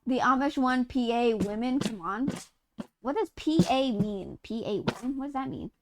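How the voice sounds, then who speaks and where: A woman's voice: on the high side, expressive, normal speed, noisy background. A woman streamer from Utah chatting casually and rambling through a story while gaming, swearing and laughing mid-sentence.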